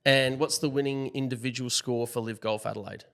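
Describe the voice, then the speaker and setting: Upbeat man hosting quick-fire questions. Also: mid-range voice, steady tone, gravelly, a bit bright. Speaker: podcast host. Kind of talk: casual interview.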